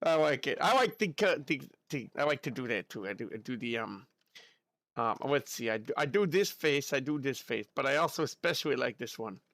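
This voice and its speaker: A man's voice: medium pitch, expressive, fairly quick, fairly bright tone, dry recording, studio quality. A young man streaming casually, chatty and goofy, repeating himself and dropping in Japanese filler words, with a slightly tired throat. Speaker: virtual streamer. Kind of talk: casual livestream chat.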